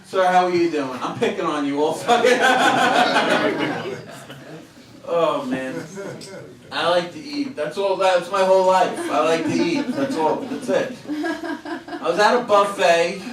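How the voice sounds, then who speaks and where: High-voiced man doing stand-up in a club. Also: lively intonation, slow pace, long pauses, distant mic, a crowd in the background. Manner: punchy self-deprecating delivery with act-out voices. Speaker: stand-up comedian. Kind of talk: stand-up comedy set. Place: comedy club stage. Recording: echoey club taped from afar. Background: audience laughter.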